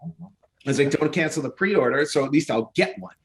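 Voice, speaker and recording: Guy on a podcast telling a long story, acts out the calls, kinda high voice. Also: fairly quick. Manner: animated storyteller acting out phone calls. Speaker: podcast co-host. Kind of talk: casual chat.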